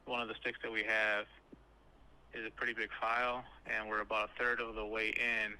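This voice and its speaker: A man's voice: on the low side, completely flat delivery, normal speed, bright, forceful tone, poor audio. A man working at a county clerk's office, answering questions on a call in a matter-of-fact way with some hesitant fillers.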